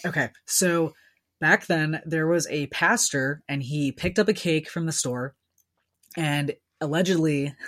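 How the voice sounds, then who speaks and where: Low-voiced woman laughing easily. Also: unhurried. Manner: laughs often, relaxed storyteller. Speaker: podcast co-host. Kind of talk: casual chat.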